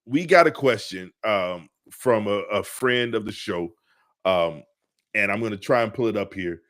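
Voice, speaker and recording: A man co-hosting a podcast in casual chat, animated and joking, often stretching out stories. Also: lowish voice. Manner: animated, joking, drawn-out storytelling. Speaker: podcast co-host.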